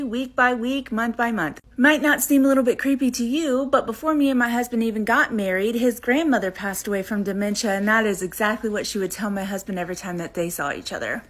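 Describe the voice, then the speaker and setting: Mom telling a creepy story about her kid, kinda high voice, plain and earnest. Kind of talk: casual storytelling to camera.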